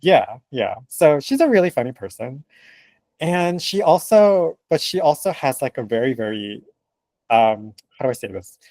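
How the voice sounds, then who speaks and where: A man being interviewed as a translator. He speaks in an animated, emphatic way, laughs often and acts out what other people say. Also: mid-range voice, moderate pace, no echo. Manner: animated and emphatic, laughing, acting out quoted remarks. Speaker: translator, guest. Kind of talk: conversational interview answers.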